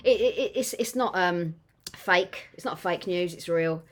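A middle-aged woman co-hosting a podcast, talking in a blunt, excitable way and swearing freely in casual chat. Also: fairly low pitch, unhurried. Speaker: podcast co-host.

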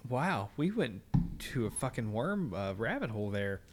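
A man's voice: mid-range voice, sing-song, moderate pace, slight background noise. A man co-hosting a podcast, telling a story in casual, profane chat and mimicking people in it. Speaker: podcast co-host.

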